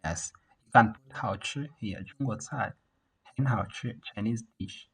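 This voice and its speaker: Slow husky man teaching Mandarin. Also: fairly low pitch, poor audio. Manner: repeats words slowly for learners to copy. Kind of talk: online language lesson. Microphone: video call.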